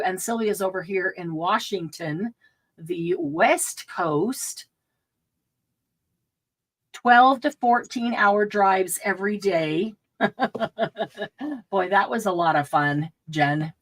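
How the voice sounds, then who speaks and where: A woman's voice: medium pitch, lively intonation, slow, pauses often, a bit bright. Chatty laughing woman hosting a live stream. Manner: chatty, laughs often, loses her train of thought. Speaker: host of a live craft stream. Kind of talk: casual live-stream chat.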